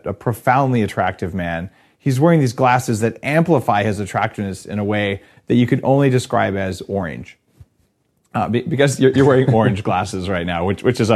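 American man, middle-aged, podcast host, lowish voice, dry wit, stammering restarts. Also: creaky, darkish tone. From United States. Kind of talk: casual podcast conversation.

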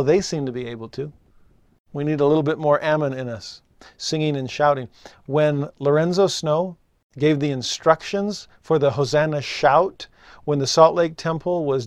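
A man giving an earnest scripture lesson, slowing down on key words for emphasis. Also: mid-range voice, a little mellow, no room sound. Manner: earnest, emphatic, slows down for stress. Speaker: scripture teacher.

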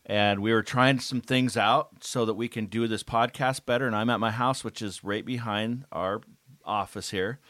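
A man's voice: lowish voice, steady tone, normal speed, a bit bright, no echo, clean studio sound. A man co-hosting a podcast, telling a funny anecdote in an easygoing casual chat. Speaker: podcast co-host.

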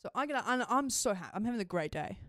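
A young Australian woman co-hosting a podcast and telling a story in casual chat. She talks in an animated way, laughs often and swears freely. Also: a little high, racing, no room sound, clean studio sound. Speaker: podcast co-host.

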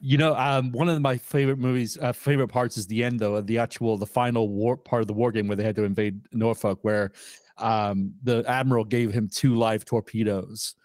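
A man's voice: mid-range voice, steady tone, brisk, a little mellow, no room sound. A man co-hosting a casual movie podcast, laid-back and agreeable, adding short comments. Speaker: podcast co-host.

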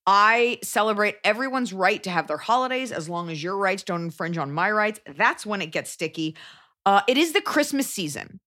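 A mid-pitched woman riffs through casual podcast advice. She is blunt, profane and opinionated, and she rattles off her points quickly. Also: expressive, bright, forceful tone. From Dallas, Texas. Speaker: podcast host giving advice.

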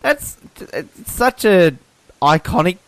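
Excitable Australian man, lively pitch. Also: no echo, poor audio. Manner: excitable, laughing, halting restarts. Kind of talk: casual film discussion.

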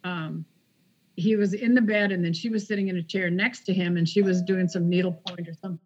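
A woman's voice: on the low side, steady tone, fairly quick, highs cut off. A woman author, a podcast guest, telling a personal story in a casual interview and acting out the quoted dialogue.

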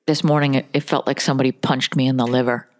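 A woman's voice: rumbling low, fast talker. A woman co-hosting a comedy podcast, chatting casually and joking, often slipping into silly voices. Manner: animated, joking, breaks into voices. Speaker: podcast co-host.

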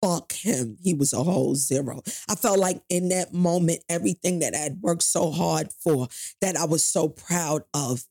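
A middle-aged woman from New York, interviewed about her life, tells a painful story without holding back, swearing freely and voicing the people involved. Her deep voice is gravelly yet warm, delivered at a moderate pace in clean studio sound with no echo.

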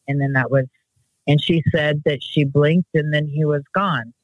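A woman's voice: low voice, fairly even intonation, moderate pace, dry recording, lo-fi sound. A woman telling a family story in casual conversation, rambling and correcting herself as she goes. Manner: rambling, self-correcting, acts out quotes.

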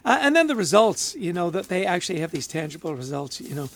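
A man co-hosting a podcast in casual chat, upbeat and quick to laugh. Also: sits high, sing-song, fairly bright tone, a little hiss or hum. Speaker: podcast co-host.

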